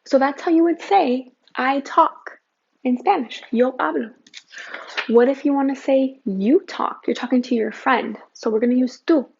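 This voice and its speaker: A woman teaching a Spanish grammar lesson, upbeat and patient, repeating examples slowly. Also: sits high, vocal fry, husky. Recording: slightly dull lo-fi sound.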